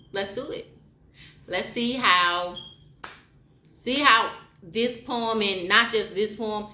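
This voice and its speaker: A woman's voice: lowish voice, bright, forceful tone, a little hiss or hum. A woman vlogger speaking frankly, reading a poem and then giving a repetitive, heartfelt pep talk. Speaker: motivational vlogger. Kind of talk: frank personal monologue with spoken poetry. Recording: roomy echo.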